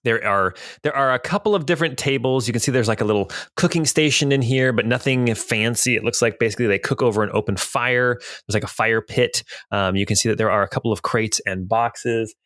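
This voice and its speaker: A man narrating as game master in a tabletop role-playing game, describing scenes in a relaxed way with fillers. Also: mid-range voice, fairly quick, few pauses, no room sound, studio quality.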